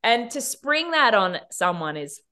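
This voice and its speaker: Lively Australian woman telling stories. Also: fairly high pitch. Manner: animated storytelling with quick asides and frequent laughs. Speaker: TV director, guest. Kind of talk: casual podcast interview.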